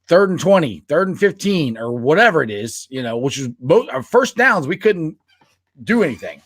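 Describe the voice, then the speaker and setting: A man talking football on a podcast, animated and quick to laugh, trailing off and restarting his sentences. His voice sits a bit high and swings widely in pitch. The mic sound is close and dry, with no room. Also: dry recording. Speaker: podcast co-host. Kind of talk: casual sports chat.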